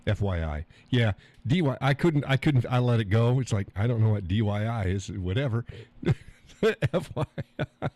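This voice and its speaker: Chuckling drawl man, dark voice. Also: on the low side, expressive, moderate pace, dry recording. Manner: chuckling, rambling, joking with profanity. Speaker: live stream host. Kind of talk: casual chat reading viewer comments.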